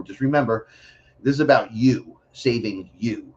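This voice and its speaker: A man from the Bronx with a New York accent, a podcast guest talking in a blunt, profane, animated way. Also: on the low side, normal speed, breathy edge, highs cut off. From New York City, the Bronx. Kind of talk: casual podcast chat.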